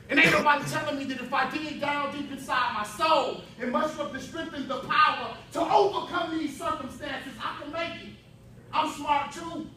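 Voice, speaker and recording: A man giving an impassioned spoken word performance at a youth summit, building rhythm through repetition and shouting at the peaks. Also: extremely high pitch, fairly even intonation, normal speed. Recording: echoey hall from far off with faint ambience.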